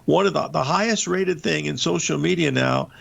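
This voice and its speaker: A man's voice: a little high, normal speed, vocal fry, fairly bright tone, breathy edge. An older man hosting a live market show, rambling through charts in a folksy way with many filler uhs and restarts. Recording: dull lo-fi broadcast audio.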